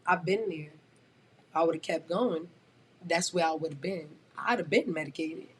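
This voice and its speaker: A woman's voice: low voice, a little slow, a little hiss or hum. Blunt, emphatic young woman. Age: 20s. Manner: blunt, emphatic, swears freely. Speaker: guest rapper. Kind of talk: casual podcast chat.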